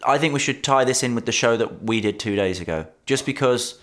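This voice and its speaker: A man's voice: medium pitch, animated, fairly quick, a bit bright. Man making teasing, wry remarks. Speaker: podcast co-host. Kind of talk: casual chat.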